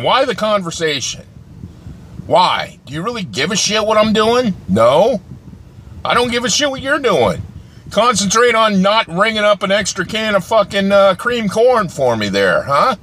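A man rants with constant swearing and exasperation, his pitch swinging widely. His voice is bright and forceful. Faint vehicle noise hums behind him. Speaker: vlogger. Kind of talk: profane comedic rant.

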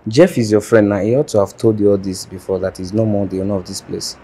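A man's voice: lowish voice, steady tone, quick pace, mellow, a little hiss or hum, lightly acted. An actor with a Nigerian accent playing a smug young man who now owns the bar. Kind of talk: film drama acting.

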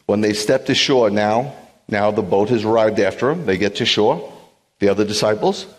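Lower-voiced man preaching in an echoing hall. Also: moderate pace. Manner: animated, joking asides, acts out quotes. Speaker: rabbi. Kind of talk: sermon. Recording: long hall reverb.

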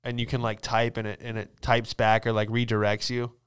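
Fairly quick and smooth, this mid-range male voice stays completely flat in delivery. He hosts a comedy podcast, riffing loosely on the news in casual comedic chat, swearing freely and laughing often.

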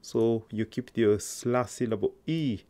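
A man's voice: medium pitch, unhurried, dark tone. A man teaching an online language lesson, patiently coaxing learners to answer aloud.

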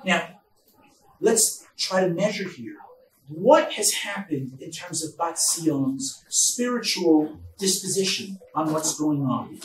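A man teaching a Bible study class as rabbi, reading verses slowly and then explaining them with emphatic stresses. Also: on the high side, lively intonation. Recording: echoey room, mic far off, faint noise.

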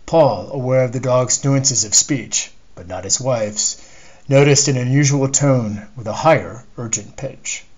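A man, the author, reading a chapter of his novel aloud in measured storytelling narration. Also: medium pitch, darkish tone, slightly rough, lo-fi sound. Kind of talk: scripted narration.

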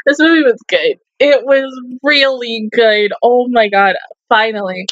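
With a fairly high, slightly bright voice at a somewhat slow pace, a young woman reacts emotionally to an anime, cursing often and breaking into laughs while trying not to cry. The sound is lo-fi.

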